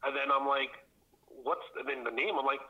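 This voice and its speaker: A middle-aged man from Canada telling a story on a podcast, animated and laughing often as he acts out the voices of people in it. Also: mid-range voice, brisk, breathy edge, lo-fi sound. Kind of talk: casual storytelling chat.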